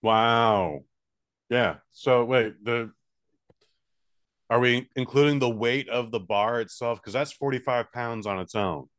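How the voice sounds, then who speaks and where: A man's voice: medium pitch, takes it slowly, a bit bright. A man co-hosting a casual comedy podcast, dry and teasing, and laid-back as he corrects and riffs. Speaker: podcast co-host.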